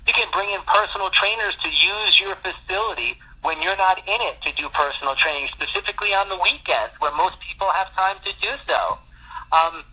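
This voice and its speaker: A man's voice: high voice, pushed and bright, slightly rough, low-quality recording. A man, a chiropractor who owns a wellness center, answering interview questions earnestly, often repeating words as he restarts.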